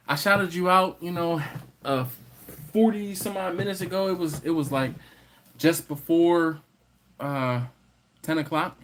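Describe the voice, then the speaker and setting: Reading out viewer comments on a casual livestream, a man teases and banters with his chat in a playful way. His pitch is fairly high, and there's slight background noise.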